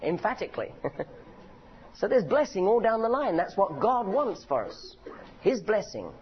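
A man's voice: sits high, a little slow, dull audio, a little hiss or hum. A man preaching a sermon in a church meeting, telling stories with humor. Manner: animated, humorous storytelling.

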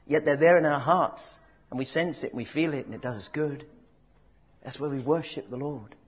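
A man preaching a sermon, swinging from loud emphatic declarations to soft, drawn-out words. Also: fairly high pitch, husky. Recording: dull lo-fi sound.

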